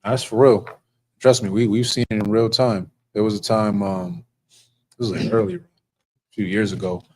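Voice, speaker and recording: A man's voice: fairly low pitch, steady tone, moderate pace, darkish tone, a little hiss or hum, rough recording. A man who serves as an officer of a religious group, telling stories in a casual, earnest way. He rambles and restarts often. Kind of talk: casual storytelling.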